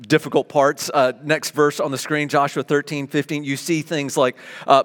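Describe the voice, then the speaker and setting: A man preaching a sermon as pastor, animated and conversational, with everyday examples. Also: medium pitch, big-room sound.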